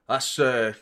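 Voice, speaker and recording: A man, hosting a football watchalong with excitable, rambling commentary and frequent swearing. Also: mid-range voice. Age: 30s. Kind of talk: live match commentary and chat.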